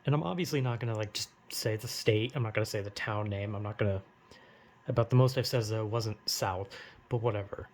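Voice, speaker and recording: A man's voice: on the low side, quick pace. A young man with a general American accent, rambling casually and self-deprecatingly in a monologue vlog. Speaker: vlogger.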